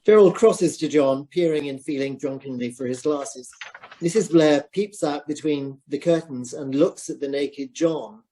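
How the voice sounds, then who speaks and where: A man's voice: a little high, a little slow, dark tone. A man reading stage directions in a plain, matter-of-fact way.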